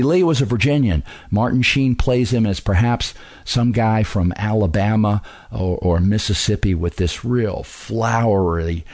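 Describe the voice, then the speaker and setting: A man giving a casual spoken review of war films, halting with frequent fillers. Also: fairly low pitch, a little mellow, no room sound, clean studio sound. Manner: halting, many fillers and restarts. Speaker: film reviewer and history commentator.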